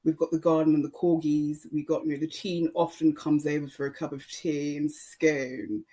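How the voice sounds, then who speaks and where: A woman's voice: low voice, level tone, moderate pace, dark tone. A woman voicing a smug upper-class English lady with a posh accent.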